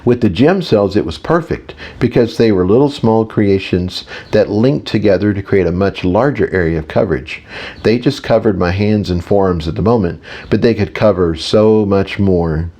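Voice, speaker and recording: A man's voice: lowish voice, moderate pace, dark tone. A man narrating a first-person audiobook in a casual tone, with small reading slips.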